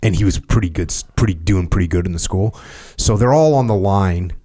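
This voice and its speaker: A middle-aged man with a low voice hosts a podcast. He tells stories in a relaxed, conversational way. He sounds animated and laughs often. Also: brisk. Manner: animated retelling, laughs often, reads a passage aloud. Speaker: podcast host. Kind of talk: casual conversational storytelling.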